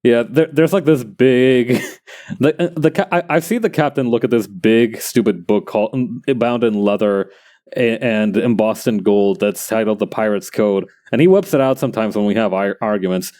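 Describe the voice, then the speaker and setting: A man's voice: fairly low pitch, moderate pace, darkish tone. A man streaming as he makes a plush, rambling and joking and often laughing. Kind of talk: casual chat while crafting.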